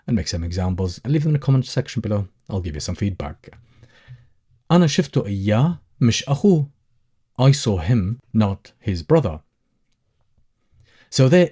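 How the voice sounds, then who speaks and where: A man with a Levantine Arabic accent teaching a language lesson, explaining slowly step by step with frequent fillers. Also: on the low side, dark tone, husky.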